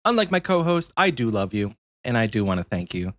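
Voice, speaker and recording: A man hosting a casual podcast chat, animated and playful, teasing his co-host. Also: on the low side, a little fast, no echo.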